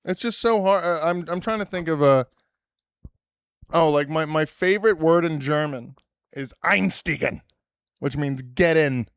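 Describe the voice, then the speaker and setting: A man's voice: a little high, a little slow, smooth, dry recording, studio quality. A young man hosting a podcast, chatting casually and rambling with lots of restarts. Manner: rambling, self-deprecating, with many restarts. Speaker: podcast host. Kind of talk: casual chat.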